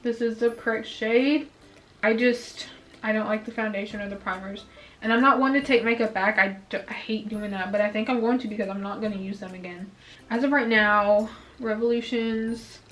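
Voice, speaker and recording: A woman's voice: a little high, steady tone, moderate pace, a bit bright, low-quality recording. A young woman filming a casual makeup review at home, chatting and venting her frustration, a bit out of breath. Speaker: beauty vlogger. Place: indoors at home, filming herself.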